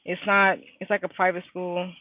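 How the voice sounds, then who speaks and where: A woman's voice: fairly low pitch, completely flat delivery, moderate pace, a little hiss or hum. A young woman, a nursing student, venting candidly in a casual vlog, stressed out and full of slang and fillers. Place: in her car, parked at school. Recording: tinny phone-like sound, dry.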